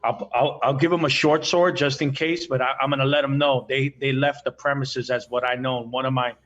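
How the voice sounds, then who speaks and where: A man's voice: mid-range voice, steady tone, fairly quick, a bit bright. Hesitant man player on a dull line. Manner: hesitant, full of fillers, pushy about rules. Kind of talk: playing a tabletop game, casual.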